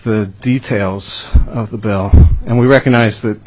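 A man, a deputy commissioner of a state revenue agency, giving measured, formal testimony to a legislative committee with some fillers and repeated words. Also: fairly low pitch, fairly even intonation.

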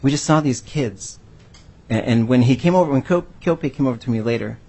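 A man's voice: medium pitch, a little fast, dark tone, husky. A man answering a panel question by telling an earnest, heartfelt story about his work as a language educator.

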